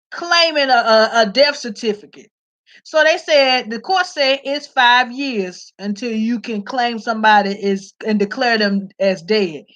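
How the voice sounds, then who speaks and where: A woman vlogger giving casual comedic commentary straight to her viewers, animated and profane, and often laughing. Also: fairly high pitch, dull audio.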